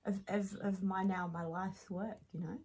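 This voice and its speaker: A woman in her late thirties with an Australian accent, telling a lively personal story as a podcast guest and laughing along as she talks. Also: medium pitch, normal speed, husky, low-quality recording.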